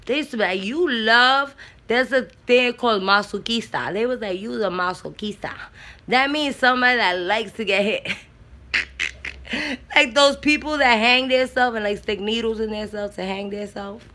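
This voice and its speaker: Blunt, bright-voiced woman from the Bronx. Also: on the high side, moderate pace. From the Bronx, New York. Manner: blunt, profane, animated storytelling. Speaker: mother and aunt sharing opinions. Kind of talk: casual talk.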